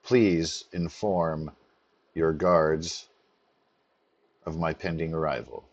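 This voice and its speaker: A man voicing a formal male tribal leader who speaks slowly and deliberately. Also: extremely low pitch, steady tone, heavily acted.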